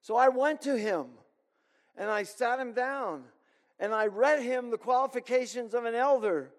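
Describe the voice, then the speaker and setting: Guy pastor preaching, emphatic, pauses a lot, big echoey church hall. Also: very high-pitched. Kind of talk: sermon. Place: church sanctuary. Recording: long hall reverb.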